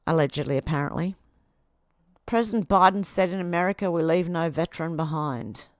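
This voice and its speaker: A woman's voice: lowish voice, a little fast, no room sound, studio quality. An Australian woman hosting a livestream, reading social media posts aloud and answering them with sarcastic asides. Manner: sarcastic, talks back at posts. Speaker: livestream host.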